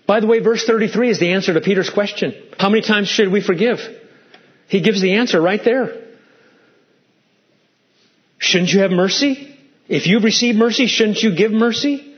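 A man preaches with fervent emphasis, driving his points home with runs of rhetorical questions and strings of intensifiers. His voice sits fairly high for a man. The recording is dull and lo-fi. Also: normal speed, long pauses. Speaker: pastor. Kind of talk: sermon.

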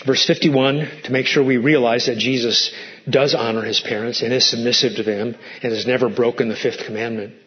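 A man's voice: medium pitch, fairly even intonation, brisk, muffled recording. A male pastor preaching a sermon, asking the congregation pointed rhetorical questions and acting out quoted lines in a raised voice.

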